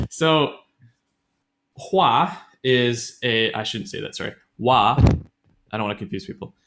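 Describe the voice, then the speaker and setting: A man's voice: medium pitch, lively intonation, slow pace, pauses often, fairly bright tone. A man co-hosting a casual podcast, explaining grammar in a loose, rambling way with many fillers, self-corrections and frequent laughs. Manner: laughs often.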